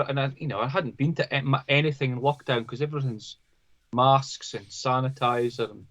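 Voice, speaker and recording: A man's voice: fairly high pitch, fairly bright tone. A man, a psychologist guest, telling stories in casual conversation, often restarting and repeating his words. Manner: halting, repeats words, storytelling.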